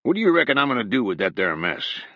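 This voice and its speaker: A man voicing a stern older rural hog owner from who speaks in a slow, dry drawl. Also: medium pitch, sing-song, bright, forceful tone, dry recording, highs cut off, voice pushed up, heavily acted. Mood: dry shrewd.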